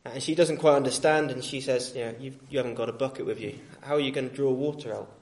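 Gentle male preacher, halting delivery. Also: mid-range voice, steady tone. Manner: gentle, reasoning tone with many fillers and restarts. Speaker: street preacher. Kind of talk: sermon.

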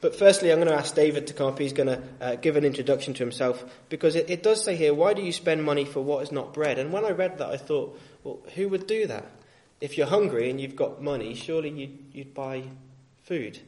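A male street preacher giving a sermon in a gentle, reasoning tone, with frequent fillers and restarts. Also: a little high, fairly quick, hardly any pauses.

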